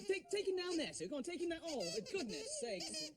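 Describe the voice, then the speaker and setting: A man's voice: very high voice, wildly swooping pitch, a little fast, few pauses, a loud crowd. A man presenting a children's TV show, playful and often breaking into laughter. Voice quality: playful, laughs at his own jokes. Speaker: children's TV host.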